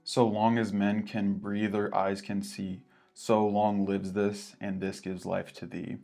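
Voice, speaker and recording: A man co-hosting a poetry lesson with wry asides, reading verse slowly and deliberately. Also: fairly low pitch, level tone, vocal fry, warm tone, soft background music. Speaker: co-host. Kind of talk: scripted educational banter.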